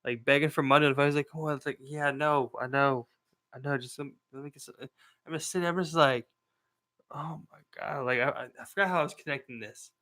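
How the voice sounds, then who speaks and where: A man's voice: mid-range voice, fairly even intonation, fast talker, bright, forceful tone. A man with a Baltimore accent, co-hosting a casual podcast chat in a laid-back, chuckling way, agreeing a lot and adding his own stories. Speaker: podcast co-host.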